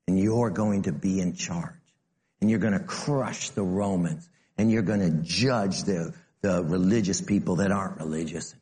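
A man preaching a sermon, animated, swinging between near-shouts and low asides, and acting out the people he quotes. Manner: acts out the quoted speakers in heightened voices. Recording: long hall reverb.

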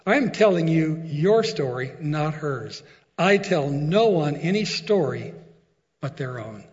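A man reading aloud as a large, mysterious lion voice, calm and solemn, in a slow, measured way. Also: a little high. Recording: long echo, dull lo-fi sound.

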